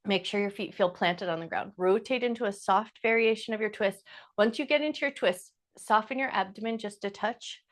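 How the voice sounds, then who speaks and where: A woman teaching chair yoga, calmly cueing each breath and movement in short, slow phrases. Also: medium pitch. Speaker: yoga instructor. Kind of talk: guided chair yoga instruction.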